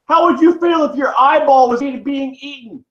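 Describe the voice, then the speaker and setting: A man's voice: extremely high pitch, normal speed, a bit bright. A man vlogger in pain, delivering a heated, profane, rambling rant to the camera. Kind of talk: angry direct-to-camera rant. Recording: echoey room, dull lo-fi sound.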